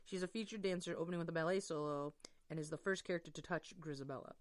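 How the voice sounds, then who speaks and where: A woman's voice: deep voice, fast, dry recording, studio quality. A woman co-hosting a comedy podcast, reacting in a wry, exasperated way. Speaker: podcast co-host. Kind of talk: casual comedic banter.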